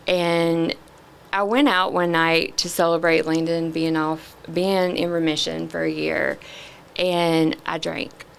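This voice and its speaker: A middle-aged woman, a podcast guest, sharing a candid personal testimony in an earnest, halting way with many pauses. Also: sits low, level tone, vocal fry, clear, resonant tone.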